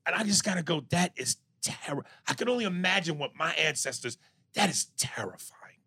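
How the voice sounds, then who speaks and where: A man co-hosting a podcast, in casual chat, recounting scenes with animated delivery. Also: on the high side, brisk, husky, no room sound. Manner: animated storyteller who acts out quotes. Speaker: podcast co-host.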